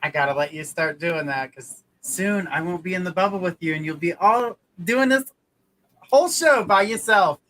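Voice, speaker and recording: A man's voice: high-pitched, expressive, moderate pace, fairly bright tone, rough recording. A man hosting a live stream, upbeat and talking straight to the viewers. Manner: upbeat, addresses viewers directly. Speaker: host.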